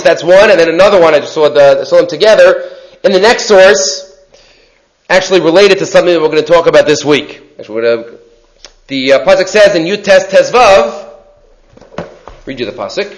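A man teaching a Torah class, mixing in Hebrew terms and often checking in with "right?". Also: fairly high pitch.

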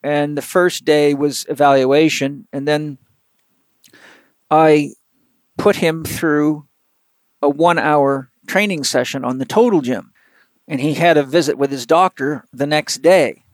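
A man who works as a physical therapist telling a long, animated anecdote in an interview, rambling with lots of fillers. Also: a little high, a little slow, no room sound. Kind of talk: storytelling in an interview.

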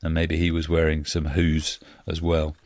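A man's voice: extremely low pitch, completely flat delivery, moderate pace, a little mellow, no echo. Man reading facts in a dry room. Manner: reads facts steadily with frequent "uh" fillers and dry asides. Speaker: podcast host. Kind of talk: casual podcast chat, reading out facts.

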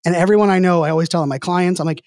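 A man's voice: high voice, fairly even intonation, very fast, darkish tone, no room sound, studio quality. A middle-aged man telling stories as a podcast guest in a casual, rambling way, leaning on the word "like" again and again. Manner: rambling, heavy use of filler "like". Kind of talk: casual conversational storytelling.

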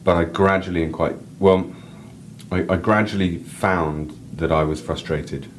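A man's voice: rumbling low, slight background noise. A man, an author and editor, talking casually in an interview, rambling and enthusiastic with frequent restarts. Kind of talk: casual interview and reading aloud.

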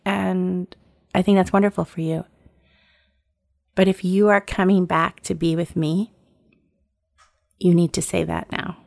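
A woman's voice: on the low side, a little slow, vocal fry, long pauses, dry recording, studio quality. A woman in her forties telling a personal story in casual conversation, acting out the dialogue and laughing often. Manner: lively storyteller who acts out quoted dialogue and laughs often.

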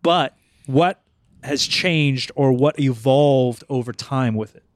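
A man's voice: medium pitch, slow pace, no room sound, clean studio sound. A young man hosting a podcast in casual banter, teasing and swearing. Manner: teasing, profane, joking. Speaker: podcast host.

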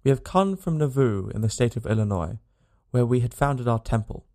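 Man reading as a devout young pilgrim, stern, formal, gravelly. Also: mid-range voice, expressive, moderate pace, mellow. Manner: solemn, formal.

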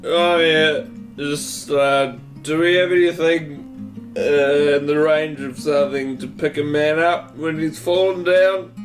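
A man playing in a tabletop game, joking playfully with loud comic outbursts. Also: a little high, steady tone, a little slow. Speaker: player. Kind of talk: casual tabletop role-play. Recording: music bed behind the talk.

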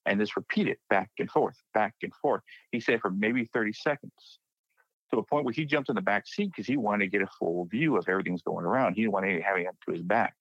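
A young man from Texas, with a somewhat low voice, tells a spooky personal story in a relaxed way, now and then jumping up high to act out his scared friends. The sound is dry and close, with a dull, slightly lo-fi tone. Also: fast, husky, no room sound. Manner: animated retelling, acting out friends' panicked quotes. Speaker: guest sharing a personal paranormal story. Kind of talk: casual spoken storytelling. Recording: dry, dull lo-fi podcast mic.

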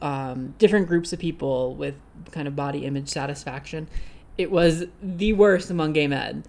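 A man who makes online videos, guesting on a casual podcast, relaxed, joking and frank, picked up quietly by a shared mic beside him. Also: a little high, gravelly. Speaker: guest, YouTuber. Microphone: shared desk mic, off to the side. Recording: quiet and set back from the mic.

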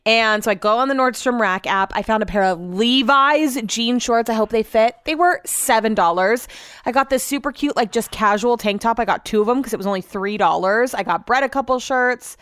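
A woman's voice: fairly high pitch, smooth, no room sound. Chatty young woman, dry close sound. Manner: rambling, swears casually, animated asides to her dogs. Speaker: vlogger. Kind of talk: casual chatty vlog.

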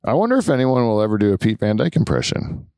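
A man's voice: lowish voice, sing-song, fast talker, mellow, no room sound, clean studio sound. A Canadian man hosting a podcast, chatting casually and telling rambling, profane stories with laughs. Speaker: podcast host. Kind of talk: casual chat.

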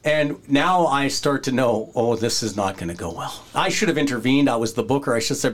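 Animated storytelling man. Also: medium pitch, moderate pace. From Canada. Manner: animated, acts out quoted voices, breaks into laughter. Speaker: podcast host telling a wrestling story. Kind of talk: casual storytelling.

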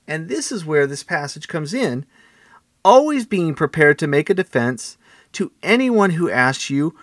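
A man teaching on a Bible passage in a preaching style, emphatic and repetitive, building his points to a forceful pitch. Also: no echo, clean studio sound. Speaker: pastor.

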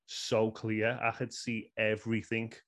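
A man in his thirties from England, here as a guest, tells a personal story earnestly but rambling, his Liverpool speech full of "you know." The voice is lowish and a bit bright, completely flat, at a measured pace.

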